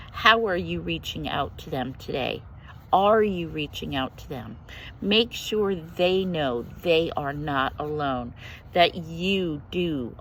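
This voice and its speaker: A woman hosting a faith journaling video, teaching a devotional Bible lesson in an earnest, gently encouraging way with emphatic repetition. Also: low voice, a little hiss or hum, poor audio.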